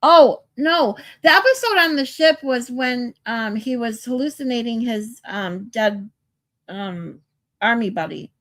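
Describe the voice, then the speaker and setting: A woman's voice: fairly high pitch, animated, a little slow, fairly bright tone, no echo. Sleepy, chatty woman livestreamer. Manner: chatty, rambling, reads viewer comments aloud. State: sleep deprived. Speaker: livestream host. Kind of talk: casual chat with live viewers.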